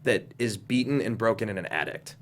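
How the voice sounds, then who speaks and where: A man's voice: fairly low pitch, fairly quick. A man co-hosting a casual movie-ranking podcast chat, enthusiastic and rambling with restarts. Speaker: podcast co-host.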